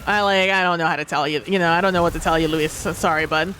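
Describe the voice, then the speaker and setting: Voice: medium pitch, fairly even intonation, fast talker, pushed and bright, faint music behind. Rambling, laughing tabletop role-play player. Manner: rambling, many fillers, laughs often. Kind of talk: casual livestream reflection.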